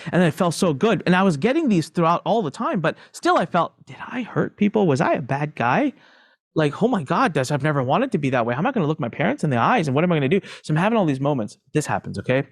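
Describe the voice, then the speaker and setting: A middle-aged man, a podcast guest, telling his story candidly in an emphatic, animated way and repeating phrases for emphasis. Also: mid-range voice, no echo, clean studio sound.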